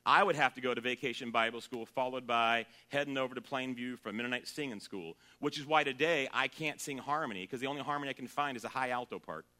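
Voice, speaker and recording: A man's voice: medium pitch, fast, hardly any pauses. A man preaching a sermon, joking and singing snatches of a song, then turning earnest. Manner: humorous, jokes and sings off-key snippets; shifts between loud and quiet, earnest. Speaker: pastor.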